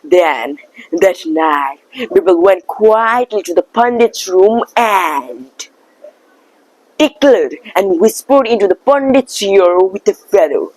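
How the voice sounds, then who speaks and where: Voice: medium pitch, sing-song, slow, darkish tone, rough recording. Earnest tutorial voice. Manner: earnest, repeats words as drills. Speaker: accent-practice video maker. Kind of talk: casual tutorial with storytelling.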